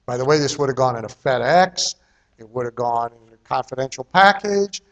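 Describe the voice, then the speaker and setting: A man's voice: mid-range voice, lively intonation, a little fast. Blunt chatty seminar speaker, a man. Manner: blunt and conversational, checks in with "okay?" and "right?"; salty and irreverent. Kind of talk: live seminar talk.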